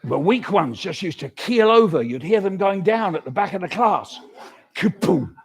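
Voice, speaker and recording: Older storyteller, high and animated, playing to a crowd of children. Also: male voice, normal speed, husky. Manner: animated, leads audience call-and-response. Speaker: children's author performing. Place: hall at live awards event.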